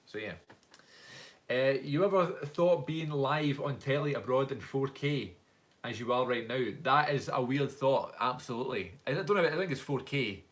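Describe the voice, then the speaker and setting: A man's voice: medium pitch, expressive, moderate pace, fairly bright tone. A young man with a Scottish accent, talking into his phone's front camera during a live stream. He rambles in a loose, chatty way, answering viewers' questions and reading out their comments. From Scotland. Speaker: YouTuber hosting a live Q&A. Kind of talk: casual live-stream chat.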